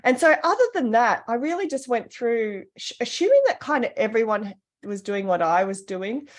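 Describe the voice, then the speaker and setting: A woman, co-hosting a podcast and telling a personal story in a casual, animated way. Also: fairly high pitch, normal speed. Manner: animated, acts out the voices of people in her stories. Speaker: podcast co-host.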